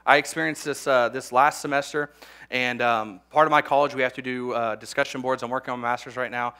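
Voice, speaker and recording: A young man preaches to graduating students with a bright, forceful tone. His delivery is conversational, full of repeated words and light humorous asides. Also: mid-range voice, steady tone, brisk, clean tone.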